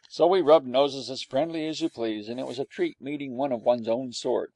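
A man's voice: medium pitch, moderate pace, few pauses, darkish tone, no echo. A man narrating a storybook in the first person as a dog, with wry, dry humor. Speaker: audiobook narrator.

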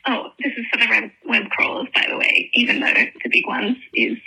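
Bright, husky woman leaving a voicemail. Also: fairly high pitch, fairly even intonation, fairly quick, poor audio. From Australia. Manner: giggly, rambling, apologetic. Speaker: caller. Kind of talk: voicemail message.

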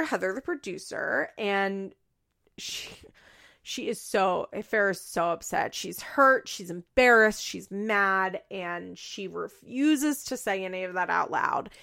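A woman's voice: medium pitch, fairly bright tone. A woman casually recapping a reality show, gossipy and profane. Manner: gossipy, profane, laughs often.

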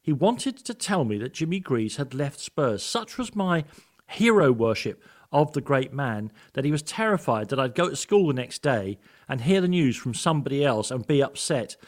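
A man's voice: mid-range voice, sing-song, normal speed. A man hosting a radio programme, narrating a scripted tribute with earnest personal storytelling. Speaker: radio host.

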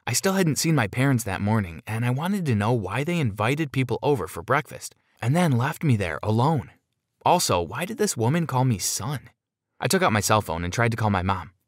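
A man narrating a first-person story in an expressive, dramatic way. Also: mid-range voice, no echo, studio quality.

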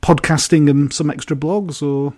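A man's voice: a little high, fairly even intonation, moderate pace, a little mellow. A man hosting a podcast, asking long, loose questions with light laughs. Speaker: podcast host. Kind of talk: casual interview.

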